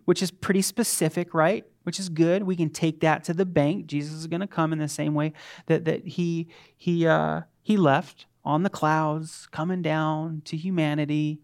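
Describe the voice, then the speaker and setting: A middle-aged man, a pastor, preaching an animated, conversational sermon with quick asides. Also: fairly high pitch, clear, resonant tone.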